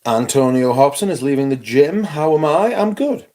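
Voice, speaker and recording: A man's voice: fairly high pitch, lively intonation, normal speed, warm tone. A man hosting a casual live stream, chatting wryly and greeting viewers by name. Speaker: livestream host.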